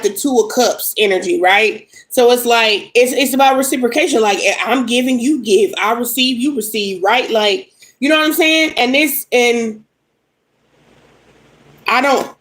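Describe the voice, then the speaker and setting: A woman's voice: medium pitch, fairly bright tone, poor audio. A young adult woman reading tarot on a casual livestream, upset and venting bluntly with lots of swearing at commenters. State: upset and angry. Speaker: live tarot reader.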